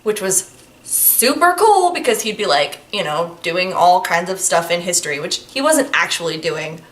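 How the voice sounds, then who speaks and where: A woman's voice: lowish voice, sing-song, moderate pace. A woman reviewing a book in a casual vlog, gushing and chatty, with lots of filler words.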